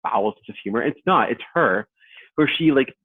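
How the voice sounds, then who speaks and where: Man, thirties, podcast guest, animated storyteller, tinny phone-like sound. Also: mid-range voice, normal speed, breathy edge, no room sound. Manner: animated storyteller, acts out quoted voices. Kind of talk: casual podcast chat. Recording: tinny phone-like line, dry.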